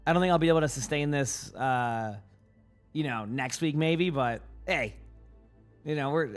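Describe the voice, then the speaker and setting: A man's voice: on the high side, a little slow, faint music behind. A man streaming in the morning with his morning voice, chatting casually with viewers in a rambling way, stumbling and repeating words as he answers chat. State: morning voice, just woke up.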